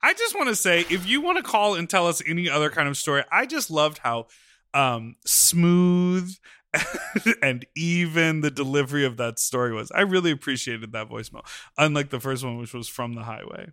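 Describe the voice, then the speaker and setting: Bright, excitable man co-hosting. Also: a little high, normal speed, no room sound, studio quality. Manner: excitable, playful. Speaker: podcast co-host. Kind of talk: casual chat.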